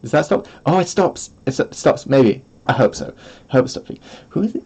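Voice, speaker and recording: A man's medium-pitched, slightly rough and a little mellow voice swings widely in pitch as he talks briskly. He's a vtuber streamer in casual livestream chat, rambling, giggling and self-deprecating, sitting close to his streaming mic.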